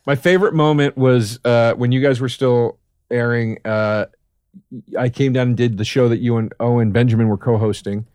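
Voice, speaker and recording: A man's voice: medium pitch, fairly even intonation, normal speed, darkish tone, smooth, no room sound, clean studio sound. A man hosting a comedy podcast, teasing his guest and laughing often in casual banter. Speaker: podcast host.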